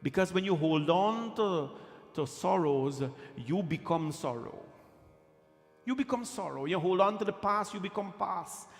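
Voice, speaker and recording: A man's voice: sits high, expressive, measured pace. A man preaching a devotional sermon in a temple, repeating phrases for emphasis. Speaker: pandit leading a katha. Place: temple hall. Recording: long reverb of a hall, with music.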